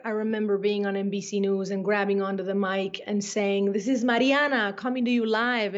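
A woman's voice: fairly high pitch, dull audio. A woman guest on a podcast interview who speaks in an earnest, motivational way.

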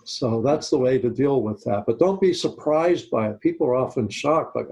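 Husky, mellow-voiced man explaining calmly. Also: mid-range voice, moderate pace, hardly any pauses, rough recording. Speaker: guest expert on high-conflict disputes. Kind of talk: explanatory talk show discussion.

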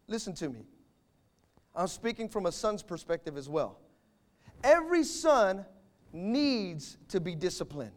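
High-voiced, animated male preacher. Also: moderate pace, pauses often. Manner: emphatic, animated preaching with sudden volume swings. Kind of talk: sermon.

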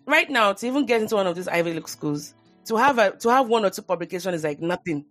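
A woman's voice: mid-range voice, lively intonation, fast, no echo, faint music behind. A woman hosting a podcast, chatting casually and telling stories. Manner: chatty, conversational storytelling. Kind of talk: casual chat.

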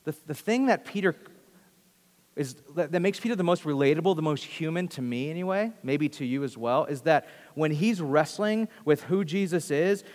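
A man's voice: a little high, darkish tone. A man preaching a sermon earnestly, often repeating phrases and restarting sentences. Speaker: pastor. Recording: long hall reverb.

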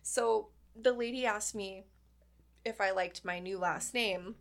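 A woman's voice: mid-range voice, takes it slowly. A woman in her thirties, a podcast co-host, telling a childhood story in casual chat, talking freely with laughter and swearing. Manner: chatty, laughing, swears freely, tearful at times.

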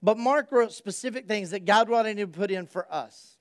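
High, clear-voiced male preacher. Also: normal speed. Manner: builds from hushed storytelling to loud, excited preaching. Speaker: pastor. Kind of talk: sermon.

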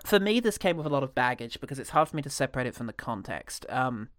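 Man, sardonic podcast film critic, mid pitch, very dry close sound. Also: big pitch swings, a bit bright, dry recording. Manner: sardonic, quick, swears freely. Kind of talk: casual film review chat.

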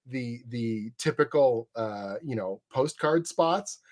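A man who draws comics, chatting casually and telling animated stories with frequent laughs. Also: medium pitch, slow. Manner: animated storyteller, laughs often. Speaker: comic artist guest. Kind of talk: casual chat.

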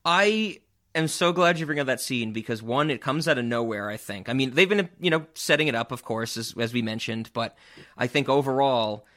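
A man's voice: medium pitch, normal speed, sharp tone. A man co-hosting a podcast, chatting casually about a movie with a chatty, self-deprecating manner and frequent laughs. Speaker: podcast co-host.

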